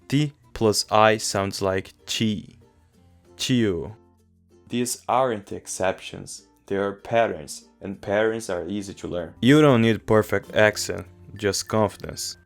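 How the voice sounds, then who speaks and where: A man from Brazil with a Brazilian Portuguese accent and Portuguese as his first language, host of a travel channel, giving clear, upbeat scripted instruction and slowing down to model example words. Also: fairly low pitch. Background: faint guitar music.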